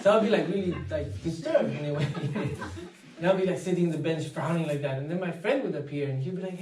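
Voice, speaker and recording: A man giving an inspirational talk, telling anecdotes in a casual, animated way and acting out the voices of people in his stories. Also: on the high side, fast talker, slight background noise. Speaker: speaker. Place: meditation centre hall. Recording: echoey hall, voice from far off.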